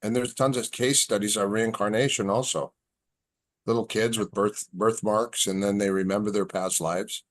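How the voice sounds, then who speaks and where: Low-voiced man telling stories. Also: normal speed. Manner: relaxed storyteller, acts out quoted dialogue. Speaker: podcast guest. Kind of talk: storytelling in casual chat.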